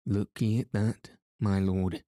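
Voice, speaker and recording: A man's voice: on the low side, level tone, slow pace, mellow, dry recording, clean studio sound. A man reading the lines of a stern, hunchbacked medieval duke in a harsh, curt way.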